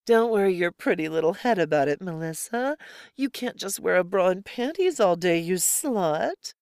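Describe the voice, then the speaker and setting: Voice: medium pitch, lively intonation, moderate pace, smooth, no echo, clean studio sound, pitched above the performer's own voice, close to an everyday voice. A narrator voicing a bossy young woman who teases and mocks in a playful way. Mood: teasing. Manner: mocking, playful.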